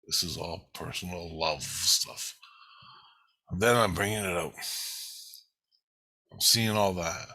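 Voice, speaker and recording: A man's voice: low voice, slow pace, pauses often, sharp tone, slightly rough, low-quality recording. A man in his fifties giving a rambling first-person account of a spiritual experience, intense and emotional, swearing heavily. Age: 50s. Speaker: vlogger recounting a spiritual experience.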